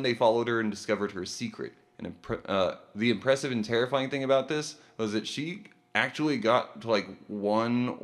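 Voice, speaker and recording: A male podcast co-host in casual chat, reading an article aloud with loose, profane asides. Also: mid-range voice. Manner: loose, profane, laughs often, reads haltingly.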